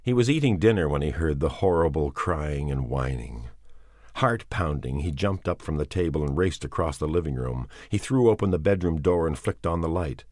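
Male audiobook narrator, extremely deep voice, measured and expressive, dry close sound. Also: no room sound. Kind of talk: dramatic audiobook reading.

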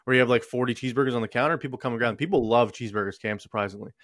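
A man co-hosting a casual sports betting podcast, brisk and casually profane. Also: mid-range voice, steady tone, a bit bright, no room sound, clean studio sound. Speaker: podcast co-host.

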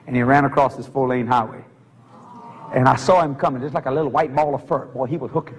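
A man preaching a humorous story, animated and laughing through his lines as he acts out sounds. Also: medium pitch, fast talker, in a large hall.

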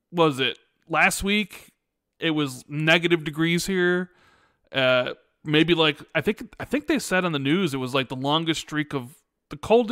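A man's voice: fairly high pitch, fairly bright tone, no echo, clean studio sound. A man hosting a podcast, chatty and upbeat, often repeating himself. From Chicago area, USA. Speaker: podcast host. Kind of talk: casual chat.

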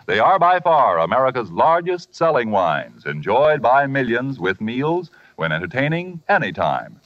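A man announcing a scripted radio advertisement in a smooth, persuasive way. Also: mid-range voice, sing-song, measured pace, dry recording. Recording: dull old radio recording.

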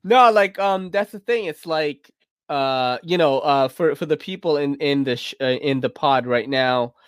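A drunk man hosts a loose podcast chat, rambling and cursing as he talks to his listeners. His voice sits a bit high, and the sound is close and dry. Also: unhurried, smooth, no echo. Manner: rambling, laughing, swearing. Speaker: podcast host.

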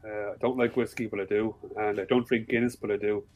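A man's voice: lowish voice, fast, a little hiss or hum, poor audio. Sweary Irish man chatting casually. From Ireland. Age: adult, with a father-in-law. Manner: swears freely, animated storytelling. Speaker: podcast guest. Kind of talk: casual chat.

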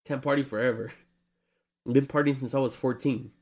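A man in his twenties co-hosting a casual podcast chat, rambling and animated, often laughing. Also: mid-range voice, fairly quick, slightly rough. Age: 20s. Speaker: podcast co-host.

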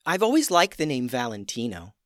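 A man's voice: medium pitch, huge pitch swings, fairly quick, no room sound, clean studio sound. A man voicing a bold, friendly young girl adventurer in a storybook reading.

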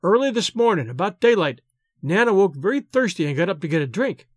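Man putting on a chatty young wife spilling a secret, bright and lively. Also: sits high, fairly quick, dry recording, studio quality. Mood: confiding. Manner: gossipy, confiding.

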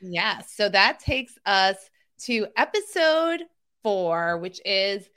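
A woman co-hosting a podcast, recapping a sitcom in casual chat, laughing often and filling pauses with "um" and "like". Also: mid-range voice, sing-song, bright, forceful tone, clean tone. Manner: chatty, laughs often, many fillers. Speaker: podcast co-host.

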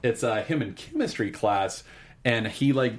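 A young man talking casually and excitedly, recapping a film in long rambling runs. He restarts sentences and fills gaps with "like" and "uh" while his voice sits in a middle pitch. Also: normal speed. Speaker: podcast co-host. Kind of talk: casual movie chat.

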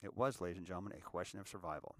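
A man giving a reflective inspirational talk, calling listeners ladies and gentlemen and repeating phrases for emphasis. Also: sits low, very fast, no room sound, clean studio sound. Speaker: inspirational speaker.

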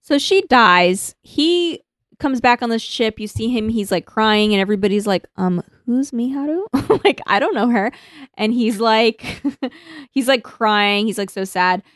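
Woman, fairly high voice, chatty, laughing often, casual podcast talk, dry close mic. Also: lively intonation, unhurried, fairly bright tone, no echo. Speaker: podcast co-host. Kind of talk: casual anime discussion.

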